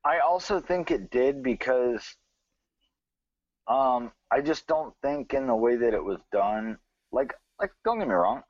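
A man's voice: medium pitch, no echo, dull audio. A man from the American South, co-hosting a podcast in loose, profane casual chat full of fillers. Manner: rambling, profane, many fillers. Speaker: podcast co-host.

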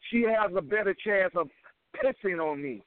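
Super high voiced guy stammering, getting defensive, tinny phone sound. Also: animated, normal speed, over a noisy crowd. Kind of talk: heated casual argument. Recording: dry, tinny phone-like audio.

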